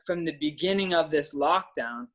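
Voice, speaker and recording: A passionate man, his voice pitched a little high. He talks casually and emphatically, now and then swearing, as he tells a story as a coach. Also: normal speed, a bit bright. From Canada. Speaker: trainer and guest coach.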